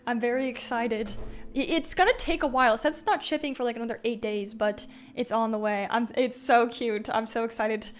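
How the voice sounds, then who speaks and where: A woman's voice: a little high, fairly even intonation, a little fast. A young woman live-streaming, chatting casually with her viewers, with lots of "like" and "um", frequent giggles and greetings to chatters by name.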